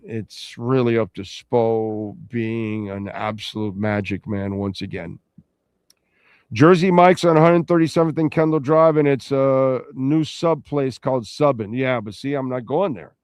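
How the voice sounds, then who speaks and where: Rambling middle-aged radio host. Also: male voice, medium pitch, darkish tone, dry recording, clean studio sound. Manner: rambling, conversational, reacting to chat. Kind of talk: casual sports talk.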